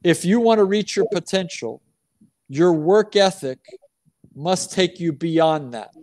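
A middle-aged American man, a basketball coach, answering interview questions with slow, deliberate, emphatic storytelling. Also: high voice, expressive, a little mellow.

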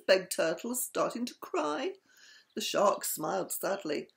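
An older woman, a grandmother, reading a bedtime story aloud in a gentle, soothing, sing-song way. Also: mid-range voice, lively intonation, measured pace, gravelly.

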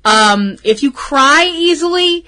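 A woman's voice: high-pitched, lively intonation, slow pace, bright, forceful tone. A woman hosting a fan podcast, giving a casual, emotional episode recap full of gushing and swearing. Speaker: podcast host.

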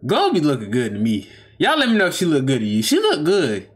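A man's voice: a little high, wildly swooping pitch, fairly quick, a little hiss or hum. A man hosting a reaction video, talking casually in slang and often repeating himself as he stops to comment.

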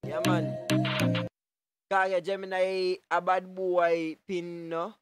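A young man, streaming live and reacting to photos with loud, joking patois banter and sudden shouts. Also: sits high, flat delivery, takes it slowly, smooth, no echo, soft background music.

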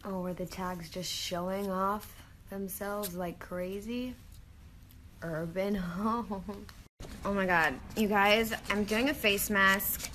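A chatty woman records a casual video diary on her phone at home. Her voice is bright and sharp, and she talks in excited bursts. There is a faint hum of noise under her. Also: mid-range voice, slow pace. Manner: bubbly, chatty, exclamatory. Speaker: vlogger. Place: at home indoors. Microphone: phone held at arm's length.

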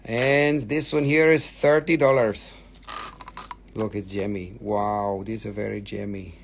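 A man hosting a live sales stream, talking with excited, animated patter as he shows and prices each item. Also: on the low side, measured pace, gravelly, a little hiss or hum.

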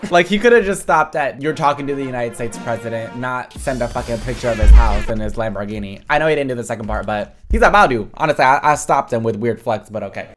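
An animated woman reacting to AI chatbots, reading their replies aloud in playful put-on voices between bursts of laughter. Her pitch swings widely and her delivery stays lively and conversational. Music plays clearly behind her. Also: fast talker, hardly any pauses. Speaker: streamer chatting with AI bots. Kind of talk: casual reaction commentary.

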